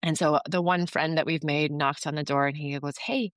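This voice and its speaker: A woman's voice: sits low, fairly even intonation, a little fast, smooth, no echo. A woman from Canada, a guest on a podcast, telling a story in a casual, chatty way with lots of fillers and acted-out dialogue. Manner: chatty, filler-heavy, acts out quoted dialogue. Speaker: podcast guest, yoga retreat founder.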